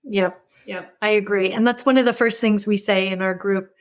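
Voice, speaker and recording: A woman's voice: mid-range voice, fairly even intonation, normal speed. A middle-aged woman, a podcast guest, speaking earnestly and candidly about loss, often repeating herself as she searches for words. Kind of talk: candid conversation about grief.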